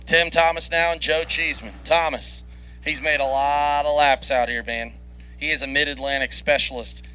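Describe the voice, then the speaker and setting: A man's voice: a little high, fairly even intonation, pushed and bright, clean tone, rough recording. A man calling drag races live, rattling off dials and reaction times, laughing often between runs. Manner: quick play-by-play, laughs often. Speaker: drag racing commentator. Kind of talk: live race commentary. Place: racetrack broadcast booth.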